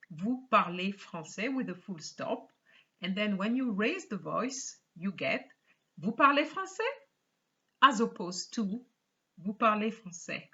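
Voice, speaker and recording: Slow, bright-voiced woman teaching a language. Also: a little high, dull audio. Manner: slow, careful, repeats and quizzes the viewer. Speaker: French teacher. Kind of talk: online language lesson.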